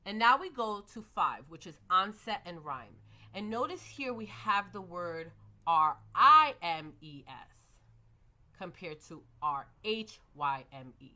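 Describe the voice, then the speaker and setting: A woman's voice: lowish voice, pushed and bright. A young adult woman giving a methodical lesson on early reading, modeling classroom prompts for children. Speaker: teacher educator.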